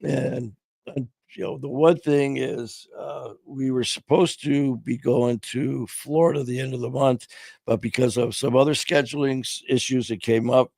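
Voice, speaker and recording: A middle-aged man hosting a casual live-stream chat, his voice going hoarse, talking in a loose, heartfelt way full of "man" and "you know". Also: mid-range voice, fairly even intonation, normal speed, a little mellow, no room sound. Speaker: podcast host.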